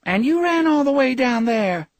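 A man voicing a bossy wife who nags her husband with affectionate teasing, in a husky voice. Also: low-pitched, sing-song, moderate pace, dry recording, voice pushed up, exaggerated voice. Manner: nagging but affectionate teasing.

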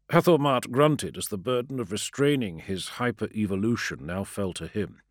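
A man narrating a fantasy audiobook in a steady, darkly dramatic way. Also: medium pitch, dry recording, clean studio sound.

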